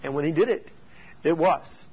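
A man, a youth pastor, teaching youth leaders through animated, joking stories and rhetorical questions. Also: a little high, moderate pace, slightly rough, lo-fi sound.

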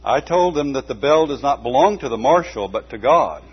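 A man voicing a small, sturdy older woman custodian with a piping voice, who speaks slowly, firmly and plainly. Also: mid-range voice, animated, husky, pitched above the performer's own voice. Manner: slow, firm, plainspoken. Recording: dull lo-fi recording with faint hum.

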